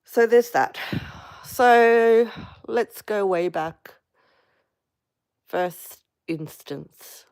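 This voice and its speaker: A woman speaking frankly in a casual live personal vlog, halting with many fillers and restarts as she vents. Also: medium pitch, darkish tone, clean tone, dry recording, clean studio sound. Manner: frank, venting. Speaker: vlogger on a live stream.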